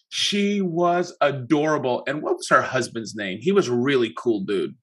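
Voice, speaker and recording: Man, podcast host, mid-range voice, casual chat, lively anecdotes. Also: medium pitch, normal speed, few pauses. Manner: animated storytelling, chatty with many restarts.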